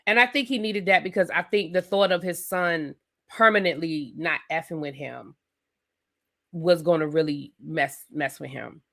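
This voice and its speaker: A woman hosting a live TV review stream, recapping an episode in a chatty, animated way with lots of fillers and asides. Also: sits low, normal speed, vocal fry. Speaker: TV review channel host.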